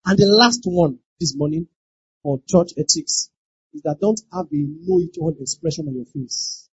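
A pastor preaching a sermon, emphatic, repeating lines and breaking into shouted exclamations. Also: medium pitch, moderate pace, no room sound. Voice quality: very husky. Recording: dull lo-fi dry recording.

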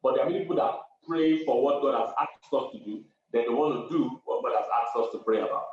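Speaking fast in a medium-pitched, darkish voice, an African pastor and marriage counselor delivers a sermon to viewers online. He hammers home his points, repeating key phrases with laughter between them. The audio, from a very echoey room on a distant, muffled mic, carries a slight hiss or hum.

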